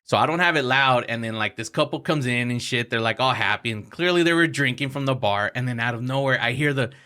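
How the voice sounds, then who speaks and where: A man's voice: mid-range voice, quick pace, pushed and bright, clean tone. A man as a podcast guest, telling stories in a casual, profane way and laughing as he acts out the people in them. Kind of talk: casual storytelling chat.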